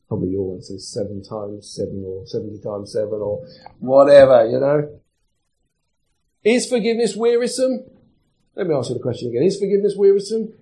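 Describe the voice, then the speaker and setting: Mellow-voiced man preaching. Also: on the low side, rough recording. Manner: conversational, asks the congregation questions. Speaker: pastor. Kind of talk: sermon.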